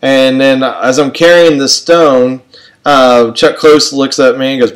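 A man's voice: mid-range voice, normal speed, low-quality recording. A man telling a personal anecdote to an audience in a rambling, self-mocking way, full of fillers and restarts. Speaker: storyteller.

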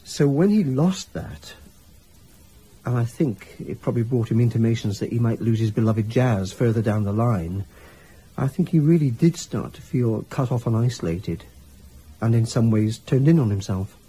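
A university academic explaining in an interview, in a patient lecturing way. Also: male voice, mid-range voice, lively intonation, moderate pace, mellow, slightly rough, poor audio. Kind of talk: interview commentary.

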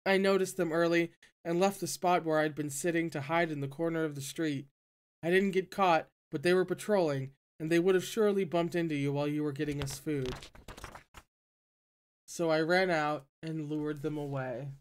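A reader narrating a novel aloud in an even, steady way, with quiet asides between chapters. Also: medium pitch, moderate pace, smooth. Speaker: audiobook reader.

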